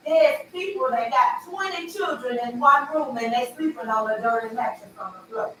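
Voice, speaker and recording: A woman hosts a casual livestream in a flirty, teasing way. She talks in a fairly high voice that flips from loud bursts to quiet murmurs. The recording sits far from the mic in a very echoey room, with faint noise underneath. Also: moderate pace. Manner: animated, swinging between loud outbursts and low murmurs.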